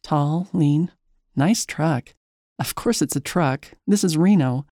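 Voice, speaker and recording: A woman's voice: deep voice, slow pace, warm tone, no echo, studio quality. A woman narrating a first-person story in a chatty, wry, self-mocking way.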